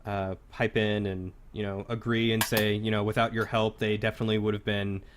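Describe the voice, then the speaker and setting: A man narrating as game master in a tabletop game, describing scenes in a halting, loose way. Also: lowish voice, little pitch movement, noisy background.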